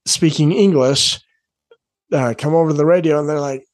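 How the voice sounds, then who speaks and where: A man's voice: a little high, normal speed, dry recording. Chatty man, dry close mic. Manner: rambling, conversational, many "like" fillers. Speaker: coach and podcast host. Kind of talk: casual storytelling monologue.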